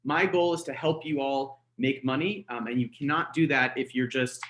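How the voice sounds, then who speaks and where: A man's voice: medium pitch, normal speed, a bit bright. An American man, a real estate trainer, talks casually through a webinar, coaching with many fillers and "right?" tags. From United States. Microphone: webinar call mic.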